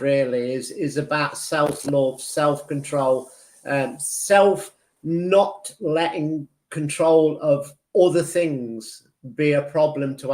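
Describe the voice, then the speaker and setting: On a live stream, a man with a voice on the high side delivers a meandering psychic reading as a tarot reader and medium. It's chatty and rambling, packed with fillers and false starts, with him voicing both sides of his inner debates.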